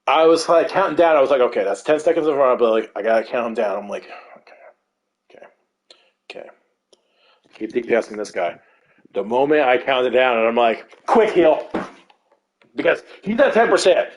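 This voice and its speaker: A man's voice: mid-range voice, brisk, long pauses. A man telling a gaming story in casual chat, swearing a lot and acting out what others said. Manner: animated and profane, acts out what others said.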